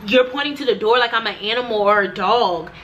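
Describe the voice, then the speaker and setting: A woman's voice: fairly high pitch, fairly quick, fairly bright tone, muffled recording, slight background noise. A young woman vlogger recounting a personal story to the camera, emphatic and repetitive, talking straight to her viewers.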